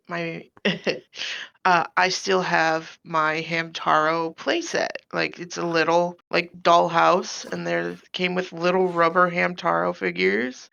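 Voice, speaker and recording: A woman's voice: on the low side, creaky, a bit bright. A woman chatting casually on a podcast, nostalgic and laughing between words. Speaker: podcast co-host. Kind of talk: casual chat. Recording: slightly dull lo-fi mic.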